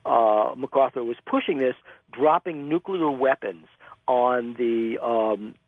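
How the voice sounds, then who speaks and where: A male interview guest, a magazine publisher, telling stories in an animated, vivid way over a phone-line call. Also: mid-range voice, slow pace, no room sound. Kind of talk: storytelling interview answers.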